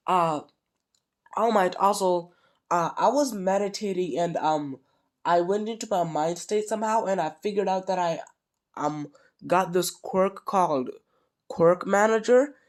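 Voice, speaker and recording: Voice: medium pitch, unhurried, voice pushed up, natural voice. A speaker with a cold voicing an eager, stammering teenage hero boy in a casual fan story. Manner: stammering, excited. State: sick with a cold.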